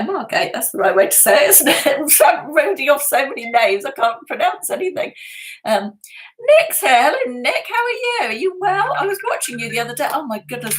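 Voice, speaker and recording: A woman hosts a relaxed live stream from her home. Her voice sits a little high. She chats easily and greets viewers one by one, laughing often. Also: poor audio. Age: 50s. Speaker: lifestyle channel host. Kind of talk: casual live-stream chat. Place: at home indoors.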